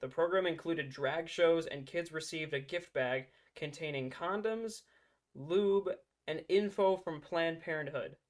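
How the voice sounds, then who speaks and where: A man's voice: on the high side, a little slow. A man hosting a political reaction commentary, talking in a mocking, sarcastic way and breaking into laughter.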